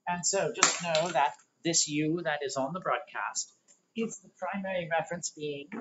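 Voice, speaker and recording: A man with a fairly high voice leads a spiritual workshop on a livestream. He talks loosely, rambling through diagrams. The audio is dull and lo-fi, with a faint hiss behind it. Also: moderate pace. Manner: rambling, conversational, explains while drawing diagrams. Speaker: spiritual teacher.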